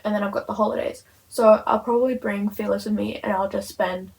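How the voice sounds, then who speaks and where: A woman's voice: medium pitch, steady tone, fairly quick, creaky, a little mellow, poor audio. A teenage girl chatting casually in a reading vlog, gushing and dramatic about a book. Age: teens. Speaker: reading vlogger.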